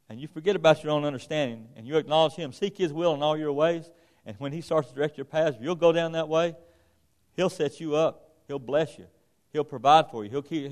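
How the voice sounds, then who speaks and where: A man's voice: on the high side, a little mellow. A man giving an informal sermon, telling a rambling personal story in a folksy way with many restarts. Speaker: preacher.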